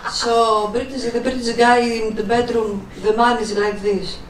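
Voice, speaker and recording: A woman doing a stand-up comedy set, delivering blunt, deadpan one-liners on a club stage. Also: fairly high pitch, normal speed, slight background noise. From Russia. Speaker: stand-up comic. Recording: roomy live club sound from a distance.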